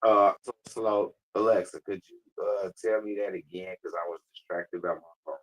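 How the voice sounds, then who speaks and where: A man with a fairly low, husky voice chats casually on a live stream. He is blunt, slangy and profane, and he laughs a lot. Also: steady tone, low-quality recording. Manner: says he talks fast. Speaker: livestreamer talking to a voice assistant.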